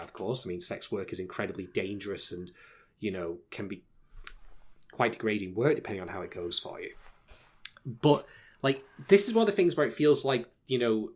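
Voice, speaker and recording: A man co-hosting an anime review podcast, talking in an animated, opinionated way with lots of filler words. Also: lowish voice. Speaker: podcast co-host. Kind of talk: casual anime review chat.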